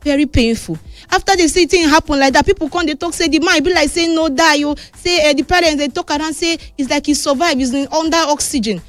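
A Nigerian woman hosting a casual sports news roundup, lively and chatty, switching between Pidgin and English. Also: sits high, fast, few pauses, no room sound.

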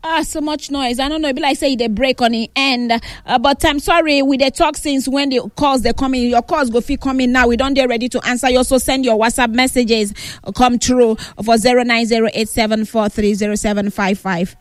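Brisk Nigerian woman radio host. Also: fairly high pitch, fairly even intonation, no echo. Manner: brisk, takes calls and moderates. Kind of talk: call-in radio chat.

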